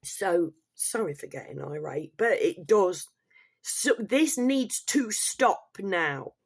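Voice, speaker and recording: Sweary, slow-talking woman ranting. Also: on the low side, animated, husky. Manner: heated, sweary, emphatic. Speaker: vlogger. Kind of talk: ranting vlog monologue.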